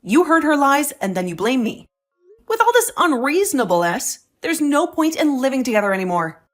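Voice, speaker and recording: A woman plays a wronged young wife who answers back with sarcasm and indignation. Her voice is high and moves freely up and down. Faint music plays behind her. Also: sing-song, moderate pace. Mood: cold. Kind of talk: voiced drama story.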